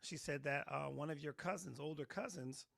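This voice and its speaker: A middle-aged man, a pastor, telling his personal testimony in an interview with animated storytelling, acting out the voices of people in his story. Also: a little high, normal speed, vocal fry. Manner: animated storytelling, acts out quotes.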